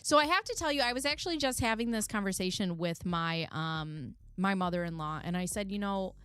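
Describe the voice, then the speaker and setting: A woman's voice: mid-range voice, lively intonation, a little fast, a bit bright, smooth. A middle-aged woman hosting a casual live chat, telling personal stories candidly and swearing freely. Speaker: channel host.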